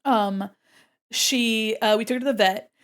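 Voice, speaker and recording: A young adult woman chatting casually on her art livestream, excitable and gushing, giggling often. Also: fairly high pitch, measured pace, clear, resonant tone. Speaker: art streamer.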